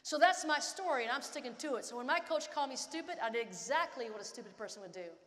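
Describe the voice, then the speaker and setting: A woman's voice: sits high, animated, fast talker, fairly bright tone. A woman in her fifties giving a dramatic motivational keynote, telling stories and acting out scenes. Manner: dramatic, acts out scenes and voices. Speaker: keynote speaker. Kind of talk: motivational storytelling speech. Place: large conference hall. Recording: long hall reverb.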